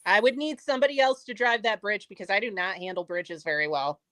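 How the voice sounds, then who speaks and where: A woman's voice: medium pitch, fast talker, fairly bright tone, no echo. Giggly woman in a dry room. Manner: chatty, giggly storyteller. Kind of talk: casual chat.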